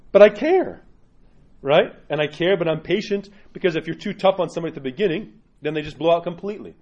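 Conversational priest with a dull recording. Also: male voice, a little high, darkish tone. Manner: conversational and direct, many tag questions, acts out quoted parishioners. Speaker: Orthodox priest. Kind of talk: informal homily to a congregation.

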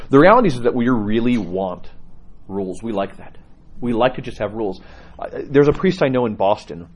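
A man's voice: on the low side, breathy edge. A man who is a priest, giving a conversational teaching talk to his congregation and telling stories with laughs along the way. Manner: conversational, animated storyteller with laughs.

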